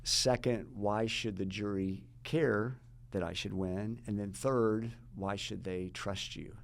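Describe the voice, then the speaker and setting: Low-voiced man laying out points. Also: steady tone, slow, creaky. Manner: methodical, rhetorical questions. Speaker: guest, jury consultant. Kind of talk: explanatory interview talk.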